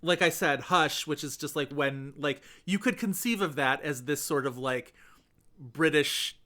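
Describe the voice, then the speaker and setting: A man's voice: a little high, a little slow, pushed and bright. A man co-hosting a podcast, talking in a chatty, rambling way full of fillers. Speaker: podcast co-host. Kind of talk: casual chat.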